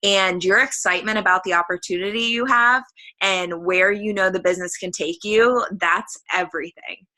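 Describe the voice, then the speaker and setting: A woman leads a group video call, her tone casual and encouraging. Her voice is bright and sharp, at an average pitch for a woman. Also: normal speed. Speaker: call leader.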